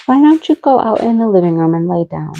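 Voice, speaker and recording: A woman's voice: fairly low pitch, big pitch swings, brisk, creaky, phone-quality sound, slight background noise. A middle-aged woman hosting a casual livestream, chatting with viewers and talking to her dogs. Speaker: livestream host.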